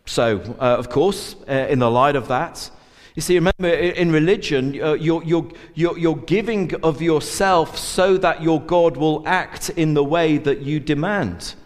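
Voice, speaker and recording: A man's voice: fairly high pitch, measured pace. A man preaching a sermon in an earnest way, with many fillers and restarts. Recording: long church reverb.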